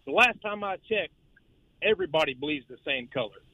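A man's voice: on the high side, expressive, a little fast, no room sound. A man calling in to a radio show, agitated and stammering as he talks. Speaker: caller. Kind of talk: phone-in radio call. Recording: tinny phone line.

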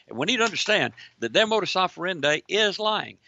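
Guy preaching at you, gravelly and bright, dull dry lo-fi sound. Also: sits high, sing-song, brisk, dry recording. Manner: emphatic, rhetorical lists. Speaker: host. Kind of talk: preaching political talk.

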